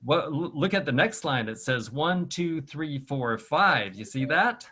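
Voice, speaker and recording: A man's voice: on the high side, lively intonation, measured pace, sharp tone, a little hiss or hum. A man, a children's author, leading a virtual storytime over a video call, patiently sounding out words and rhythms for kids to repeat. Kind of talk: teaching phrases and clapping rhythms to children.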